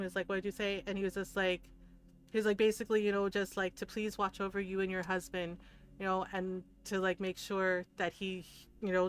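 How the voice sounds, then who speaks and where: A woman streamer chatting casually while she plays, rambling and earnest, with laughs between phrases. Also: medium pitch. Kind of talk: casual chat while gaming.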